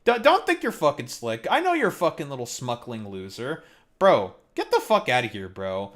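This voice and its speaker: A man's voice: medium pitch, wildly swooping pitch, normal speed, a bit bright. A man hosting a live stream, ranting heatedly and mockingly as he reacts to a clip, swearing constantly. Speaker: streamer host.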